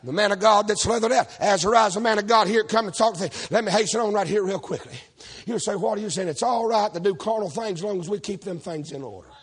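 Preacher man, real high pitched and kinda husky, folksy, hollers for amens. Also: fast talker. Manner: folksy, shouting, calls for amen. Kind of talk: fiery preaching with stories. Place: church service.

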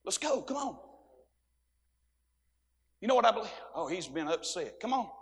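A man preaching a sermon in a church, folksy, swinging between soft asides and shouting. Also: sits high, very animated, moderate pace, in a large hall. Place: church sanctuary.

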